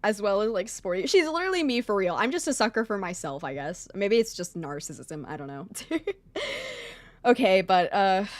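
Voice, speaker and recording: High, gushing woman streamer. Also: no room sound. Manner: gushing, squealing exclamations; rambling and self-correcting. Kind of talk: casual live-stream chat over a game.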